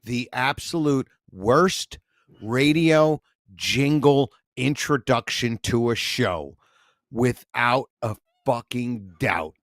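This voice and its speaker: A mid-pitched man with a bright, forceful voice who keeps up cursing, chatty banter on a comedy podcast. He is recorded dry and close, without room echo. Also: lively intonation, slow pace. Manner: profane, chatty, reads chat comments aloud. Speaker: comedian co-host.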